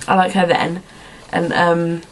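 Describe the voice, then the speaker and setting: A woman's voice: on the low side, monotone, unhurried, slight background noise, rough recording. Rambling young woman answering viewer questions. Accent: put-on accent, not her own. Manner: rambling, lots of "like" and "um". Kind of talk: casual Q&A vlog.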